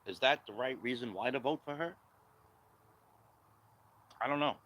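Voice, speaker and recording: A man's voice: mid-range voice, normal speed, a bit bright, rough recording. A man giving blunt, confrontational political commentary, firing off repetitive rhetorical questions at the viewer. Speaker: vlogger.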